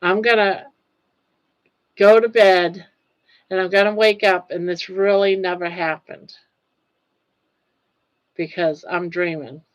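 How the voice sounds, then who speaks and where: An older woman hosts a relaxed livestream, reading comments aloud and chatting back at an unhurried pace. She laughs easily and sounds openly moved. Her voice is close and dry, with no room sound. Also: lowish voice, dry recording, rough recording. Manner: chatty, laughs often, emotional and touched. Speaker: livestream host.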